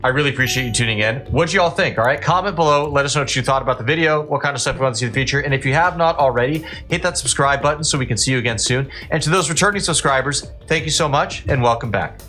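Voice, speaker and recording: A man's voice: mid-range voice, rapid-fire, hardly any pauses, sharp tone, faint music behind. A man hosting a reaction commentary, speaking in a heated, indignant and blunt way. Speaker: commentary channel host.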